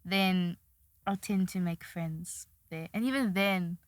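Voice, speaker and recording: A woman's voice: fairly low pitch, takes it slowly, no echo. A young woman talking casually as a podcast guest, rambling and self-deprecating, laughing now and then. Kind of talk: casual chat.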